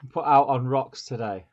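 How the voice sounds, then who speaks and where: A man's voice: medium pitch, takes it slowly. A man co-hosting a live stream, reading viewer comments aloud and chatting with a laugh. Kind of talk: casual live-stream chat. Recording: dull lo-fi stream audio.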